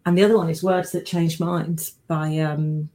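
Low-voiced upbeat woman co-host. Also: little pitch movement, moderate pace, mellow. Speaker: podcast co-host. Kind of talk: casual chat.

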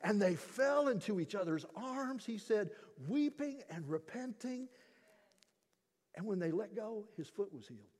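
A man's voice: sits high, lively intonation, a little slow, a little mellow, in a large hall. A male pastor preaching a sermon in an emphatic, conversational way, weaving in stories and asides.

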